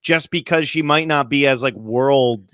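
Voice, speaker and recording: A man co-hosting a podcast, talking in a relaxed conversational way. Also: medium pitch, a little slow, clear, resonant tone, no room sound, clean studio sound. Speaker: podcast co-host. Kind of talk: casual podcast chat.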